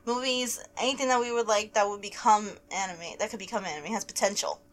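A woman's voice: mid-range voice, fairly quick. A woman co-hosting a podcast, chatting casually and steering the conversation. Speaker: podcast co-host. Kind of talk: casual chat.

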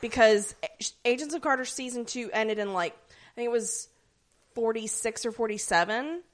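A woman's voice: fairly high pitch, moderate pace. A woman co-hosting a podcast in casual, rambling chat full of fillers and playful jabs. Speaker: podcast co-host.

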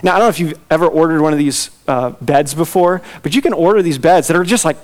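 A man preaching a conversational sermon, animated and chatty, often laughing as he explains. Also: fairly high pitch, fast talker. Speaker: pastor.

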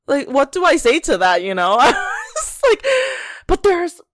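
A woman's voice: high-pitched, a little slow, no room sound, clean studio sound. A young woman co-hosting a podcast, telling a long story in casual chat, acting out what people said and laughing often. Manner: animated storyteller, acts out quotes, laughs often. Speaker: podcast co-host.

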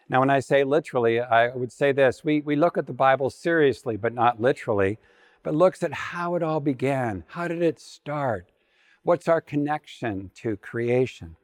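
A man's voice: medium pitch, a little mellow, big-room sound. A man preaching a sermon, telling scripture stories with playful asides. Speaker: pastor.

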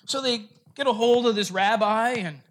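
A man's voice: high voice, moderate pace, a bit bright. A man preaching a sermon, playfully telling a joke to his congregation before turning to earnest teaching. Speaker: pastor.

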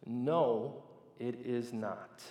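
Male pastor telling a story in a sermon, animated with many restarts, in a roomy, echoing space. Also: mid-range voice, very slow, highs cut off. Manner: animated, stammering restarts, swings between loud and hushed.

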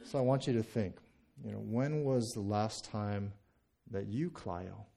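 An American pastor in his thirties delivers a sermon in a conversational style, frequently repeating words and checking in with "right?". His voice is fairly low, gravelly and warm, and he takes his time.

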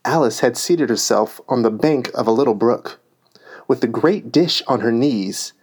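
A man reading a storybook aloud as narrator, in a measured way. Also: mid-range voice, darkish tone, breathy edge.

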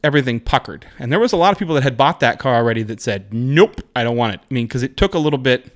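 A man's voice: medium pitch, lively intonation, very fast. A man co-hosting a podcast, chatting casually and enthusiastically about cars, rambling with restarts. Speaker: podcast co-host. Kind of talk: casual car chat. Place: Seattle area.

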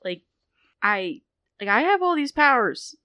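A woman's voice: a little high, very animated, measured pace, pushed and bright, no echo, studio quality, voice pushed up, heavily acted. A woman playing a frustrated, guilt-ridden young healer with powers in a tabletop game. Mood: regretful. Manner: frustrated, self-blaming.

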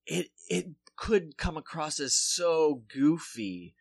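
A man's voice: a little high, expressive, slow pace, creaky, no room sound. A man from South Dakota in casual podcast chat, telling stories animatedly with swearing and restarts.

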